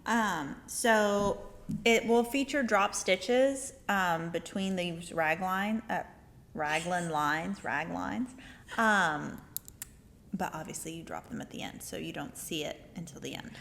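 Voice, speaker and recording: A woman's voice: medium pitch, measured pace, vocal fry, fairly bright tone. A woman co-hosting a casual knitting chat in a yarn shop, chatty, with lots of ums and laughter.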